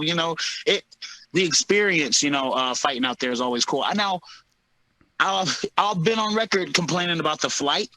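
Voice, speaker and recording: Animated guy in his 30s, bright forceful voice a bit high, laughs a lot while he tells stories. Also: moderate pace, no echo, rough recording. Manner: animated storyteller, laughs often, acts out quotes. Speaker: UFC heavyweight fighter, guest. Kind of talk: casual interview chat.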